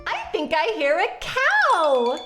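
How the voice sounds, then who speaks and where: A woman who works as a speech-language pathologist, teaching toddlers first words in a children's educational video with a slow, exaggerated, sing-song delivery. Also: extremely high pitch, huge pitch swings, music in the background.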